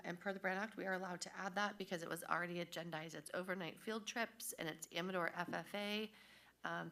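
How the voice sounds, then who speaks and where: A woman staff member at a school board meeting, explaining agenda corrections in a conversational way and slowing down on item numbers. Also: on the low side, fairly bright tone. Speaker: district staff member reporting agenda changes.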